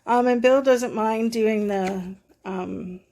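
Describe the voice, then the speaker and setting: A woman's voice: on the high side, slow, dark tone. A middle-aged woman talking in a casual, rambling vlog review, short of breath and full of fillers and restarts. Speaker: vlogger reviewing a product.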